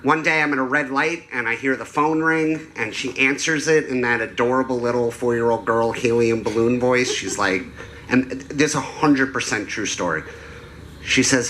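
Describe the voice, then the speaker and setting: A man doing a stand-up comedy set on a club stage, telling crude deadpan stories into a handheld mic. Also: medium pitch, normal speed, a little hiss or hum. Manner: deadpan storytelling with crude jokes.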